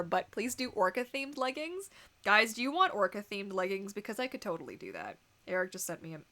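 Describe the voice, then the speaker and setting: Young Canadian woman host, giggly and chatty, mid-pitched voice, lots of filler words. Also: big pitch swings, fairly quick, bright, forceful tone. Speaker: livestream host. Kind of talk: casual livestream chat reading comments.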